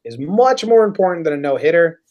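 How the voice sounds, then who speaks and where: A young man co-hosting a sports podcast, talking in quick, animated bursts. His voice sits a little higher than most men's. He argues his points with easy confidence. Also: lo-fi sound. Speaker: podcast co-host. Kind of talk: casual sports chat.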